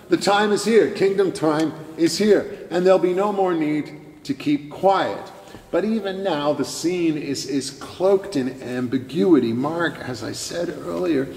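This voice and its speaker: A male pastor preaching a sermon in a church sanctuary, measured and emphatic, with dramatic pauses. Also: fairly high pitch, roomy sound, in a large hall.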